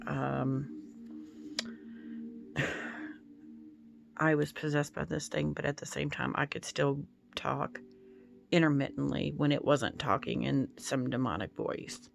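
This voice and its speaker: A woman's voice: a bass voice, steady tone, takes it slowly, vocal fry, long pauses. A woman telling a story in a casual home vlog as a tarot-reading YouTuber, in a meandering, hesitant way.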